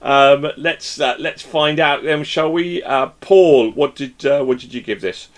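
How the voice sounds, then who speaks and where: A man hosts a casual music review chat on a video call, rambling with plenty of ums and restarts. His voice sits a touch high and jumps up when he gets excited. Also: measured pace. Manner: rambling, lots of ums and restarts, lively exclamations. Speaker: podcast host.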